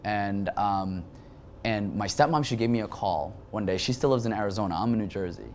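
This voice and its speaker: A young man with a slightly low voice tells an emotional personal story, animated and full of quick restarts. A faint hiss runs under the recording. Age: 20s. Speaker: guest.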